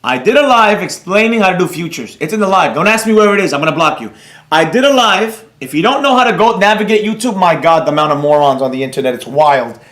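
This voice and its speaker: A man teaching a live trading class, blunt and excitable, rambling off on tangents while reading viewers' comments and scolding them. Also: high voice, fast talker, roomy sound.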